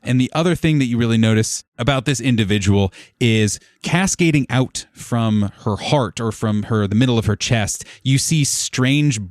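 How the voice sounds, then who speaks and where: A man running a tabletop game as game master, describing scenes in a relaxed, rambling way with frequent fillers. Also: medium pitch, moderate pace, few pauses, dry recording, clean studio sound.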